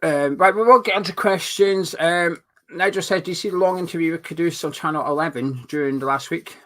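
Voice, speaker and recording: A man hosting a casual live stream from home, animated, swearing freely and reading out viewer comments. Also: fairly high pitch, fairly quick. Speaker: host. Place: home room.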